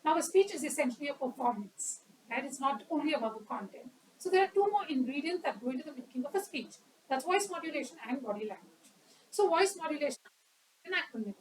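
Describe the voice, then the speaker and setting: A woman's voice: high voice, animated, quick pace, recorded from a distance, a crowd in the background, poor audio. A woman giving an educational talk on public speaking at a club meeting, quizzing the audience and acting out examples.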